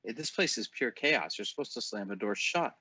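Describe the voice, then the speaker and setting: A man's voice: medium pitch, lively intonation, fairly quick, background noise. A man playing in a tabletop game, chatting casually in short, offhand replies. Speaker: player.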